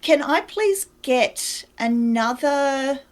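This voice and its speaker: A woman narrating a tabletop horror game as storyteller, unhurried and often pausing with fillers as she searches for words. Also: sits high, lively intonation.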